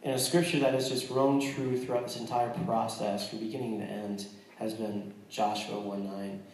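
A man's voice: lowish voice, level tone, normal speed, heavy reverb, recorded from a distance, a little hiss or hum, rough recording. An American man, a missionary, talking earnestly with a congregation, joking in between and restarting his sentences often. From United States. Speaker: missionary speaking to a church. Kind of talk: casual testimony to a congregation.

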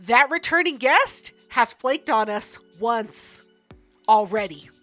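A woman's voice: fairly high pitch, animated, slow, a bit bright, soft background music. A young woman co-hosting a casual podcast, teasing her co-host with dry comebacks.

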